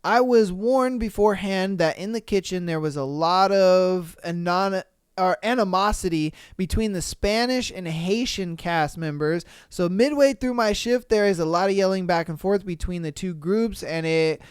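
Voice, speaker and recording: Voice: mid-range voice, moderate pace, smooth, no echo, clean studio sound. A podcast host reading listener stories aloud and reacting with slangy, swearing, laugh-filled commentary.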